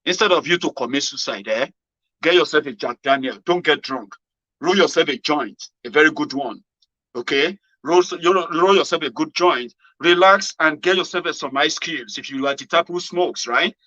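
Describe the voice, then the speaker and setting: Animated Nigerian man, bright and dry. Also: moderate pace, no room sound. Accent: Nigerian, with Pidgin. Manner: animated, swings from loud exclamations to low murmurs. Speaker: political commentary host. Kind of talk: casual motivational monologue. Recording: dull lo-fi sound.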